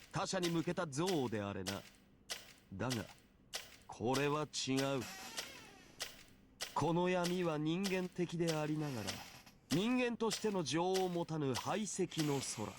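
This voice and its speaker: A haughty ancient king, played by a man, delivers grave judgments in a game. His voice sits a touch high for a man, and a clear hiss of noise runs under the game audio. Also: lightly acted. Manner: haughty, solemn pronouncements. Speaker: game character voice.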